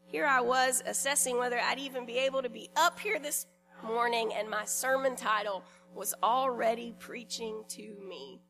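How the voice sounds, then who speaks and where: A woman pastor giving a sermon in a church in a conversational, lightly humorous way, pausing deliberately between phrases. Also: on the high side, pushed and bright, faint music behind.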